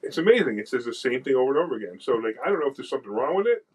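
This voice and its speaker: A man's voice: mid-range voice, very animated, racing, breathy edge, rough recording. A man on a radio talk show, wisecracking and poking fun at himself in casual banter. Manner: wisecracking, self-mocking.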